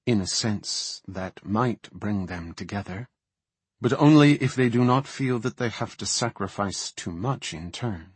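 Man voicing a measured elf priestess, low soft voice, husky, dry audiobook sound. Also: lively intonation, no echo. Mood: grave. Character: calm night elf high priestess, woman, measured.

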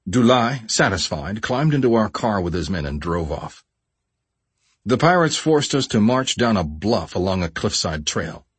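Husky, lively male memoir narrator. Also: on the low side, no echo. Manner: measured, expressive storytelling. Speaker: audiobook narrator. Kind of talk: first-person memoir audiobook narration.

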